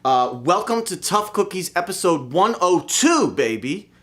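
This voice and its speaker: A man hosting a livestream show from Philadelphia, brash, excitable and profane as he calls out to viewers. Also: sits high, unhurried. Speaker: host and bandleader.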